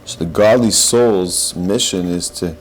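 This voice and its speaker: Deep-voiced man giving earnest spiritual talk. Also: unhurried, slight background noise, low-quality recording. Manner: earnest, searching, repeats and restarts phrases. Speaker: podcast host.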